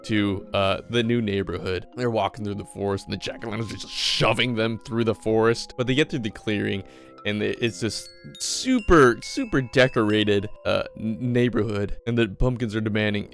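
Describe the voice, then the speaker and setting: A man's voice: on the low side, moderate pace, faint music behind. A young man rambling and joking through a casual comedic recap, with frequent restarts. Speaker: commentator recapping an episode.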